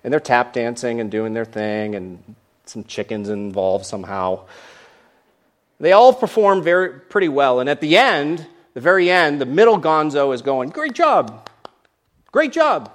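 A man's voice: mid-range voice, animated, normal speed. A man who is a pastor, preaching a sermon in church and acting out grumbling lines with animation.

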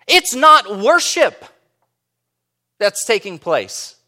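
Male pastor preaching, emphatic and questioning, high bright tone, very animated pitch. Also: drawn-out words. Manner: emphatic, many rhetorical questions. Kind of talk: sermon.

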